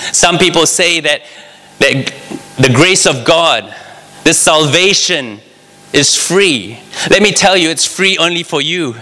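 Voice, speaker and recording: A man's voice: a little high, sharp tone. A man preaching a sermon in an earnest, conversational way, speaking straight to his listeners. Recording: long reverb of a large hall.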